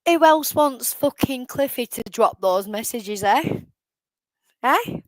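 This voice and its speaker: Woman streamer, fuming, swears nonstop, higher voice, dry close sound. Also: animated, takes it slowly, dry recording, rough recording. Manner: swears heavily, furious and ranting. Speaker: live streamer. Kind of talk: angry live-stream rant.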